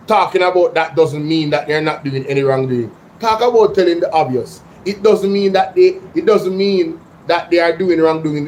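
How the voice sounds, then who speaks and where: A Jamaican man hosts a livestream and talks straight to his chat, excitable and chatty. His voice sits a little high, and he drifts in and out of patois. Faint room noise hums behind him. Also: low-quality recording. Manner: excitable, slips into patois, addresses chat directly. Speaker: livestream host. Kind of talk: casual livestream commentary reading chat.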